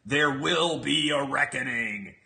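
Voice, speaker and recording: A man's voice: mid-range voice, slow pace, vocal fry, sharp tone, exaggerated voice. A man putting on a brash male pro-wrestler persona who draws out his words and calls everyone brother. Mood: boastful.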